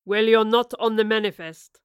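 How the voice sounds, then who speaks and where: A woman voicing a weathered, contemptuous male ship captain who speaks slowly and loudly, with mocking command. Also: fairly high pitch, fairly even intonation, clean tone, no room sound, studio quality, lightly acted. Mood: stern, menacing. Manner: slow, loud, commanding and mocking.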